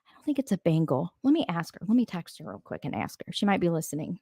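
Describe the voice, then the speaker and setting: A woman with a slightly low voice hosts a relaxed live stream and chats loosely with her viewers. She reads out their comments, wanders into asides and laughs often. The recording is dry, with almost no room sound. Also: quick pace, vocal fry, breathy edge, dry recording. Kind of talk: casual live-stream chat.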